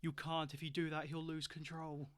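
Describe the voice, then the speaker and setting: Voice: medium pitch, level tone, slow, sharp tone, no echo. A wounded woman forces out a warning through her pain, as a game master voices her. The voice stays close to the narrator's own and sounds dry. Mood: desperate.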